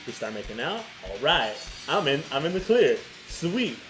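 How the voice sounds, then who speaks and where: A man's voice: fairly high pitch, moderate pace, faint music behind, low-quality recording. A man co-hosting a podcast, telling a story in casual chat and swearing freely. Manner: animated, swearing, laughing storyteller. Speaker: podcast co-host.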